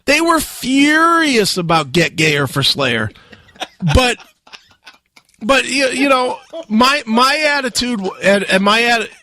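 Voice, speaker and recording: Animated, high-voiced storytelling man. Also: slow. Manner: loud, profane, laughing storyteller. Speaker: radio host. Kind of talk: animated storytelling on a talk show.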